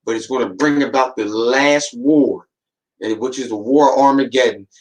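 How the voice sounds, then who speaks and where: In a low-quality recording, a podcast host speaks at a moderate pace in a medium-pitched voice, delivering a casual, streetwise monologue. He slips into quoted voices as he tells stories in slang, repeatedly telling listeners "man" and "watch."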